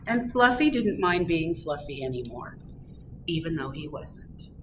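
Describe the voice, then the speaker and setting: A librarian reading a picture book aloud to children at storytime, in an expressive, gently animated voice. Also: female voice, low-pitched, measured pace, highs cut off, noisy background.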